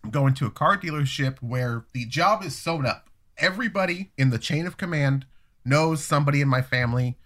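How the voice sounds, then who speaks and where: A man in his thirties telling a story in a casual, profane and animated way, acting out the voices of people he quotes. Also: fairly high pitch, brisk. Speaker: storyteller guest.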